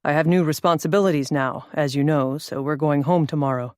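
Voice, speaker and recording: A woman's voice: sits low, steady tone, fairly quick, dry recording, clean studio sound, pitched below the performer's own voice, natural voice. A woman voicing a guarded young husband who speaks with firm, restrained politeness. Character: tall guarded young man, newly married.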